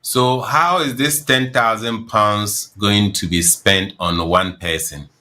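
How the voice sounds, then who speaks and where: A man's voice: fairly low pitch, slow pace, sharp tone. A man hosting a radio interview, asking questions and slipping Twi phrases into his English. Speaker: radio host.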